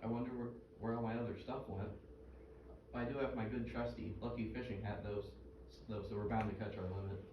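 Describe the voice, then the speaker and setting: A man's voice: lowish voice, flat delivery, brisk, muffled recording, lightly acted. An actor playing Mike, a chatty middle-aged fisherman who tells jokes and fish trivia in a comedy skit. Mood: folksy. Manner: folksy, joke-telling, full of trivia. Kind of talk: scripted comedic dialogue. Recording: roomy, distant, noisy stage recording.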